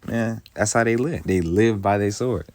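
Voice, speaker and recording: A man teaching from the Bible, reading old scripture slowly and then explaining it in loose, casual, emphatic speech. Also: on the low side, a little mellow, dry recording. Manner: heated, emphatic commentary.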